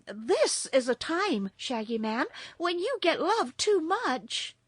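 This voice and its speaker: A woman's voice: high voice, sing-song, slow, no room sound, studio quality, voice pushed up, heavily acted. A woman reading a storybook, voicing a brave little girl who comforts her friends. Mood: dismayed.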